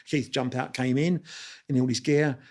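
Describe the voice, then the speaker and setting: A man, telling lively anecdotes as an interview guest and restarting his sentences often. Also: mid-range voice, normal speed. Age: 60s. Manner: animated anecdotes with quoted voices and restarts. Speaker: guest photographer. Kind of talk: storytelling interview.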